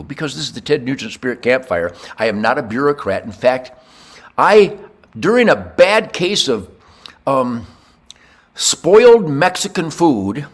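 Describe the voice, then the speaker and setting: An older man hosting a podcast, ranting in a rambling monologue with crude jokes, swinging from low mutters to loud shouts. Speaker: podcast host.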